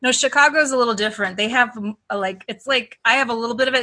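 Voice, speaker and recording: A woman's voice: fairly high pitch, sharp tone. A woman from Wisconsin with an Upper Midwest accent, a podcast guest in casual chat who rambles and restarts her sentences. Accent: Upper Midwest American. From Wisconsin, USA. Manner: rambling, halting, many restarts.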